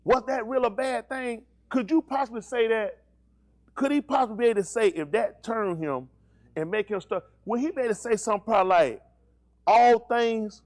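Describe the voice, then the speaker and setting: In a brisk, high-pitched voice, a pastor delivers an animated sermon, quizzing his congregation call-and-response style and ribbing them with slang.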